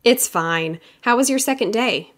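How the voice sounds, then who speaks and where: A quiet young male designer, resigned and matter-of-fact, voiced by a woman reading an audiobook. The delivery stays close to her own voice. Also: on the high side, expressive, a little slow, voice pushed up.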